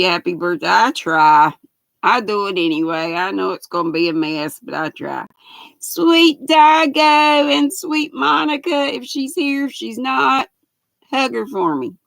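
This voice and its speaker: Older woman with a gravelly voice, unhurried pace as she hosts a casual livestream and reads the chat aloud. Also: on the high side, bright, forceful tone, dry recording. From United States. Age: 60s. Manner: greets viewers by name, reads chat aloud. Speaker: livestream host.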